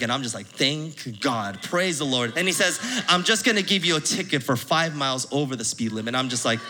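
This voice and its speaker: A young man telling a lively personal story at church, laughing and acting out his own reactions. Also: medium pitch, brisk, few pauses, background noise. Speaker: church speaker sharing a testimony. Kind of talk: sermon storytelling.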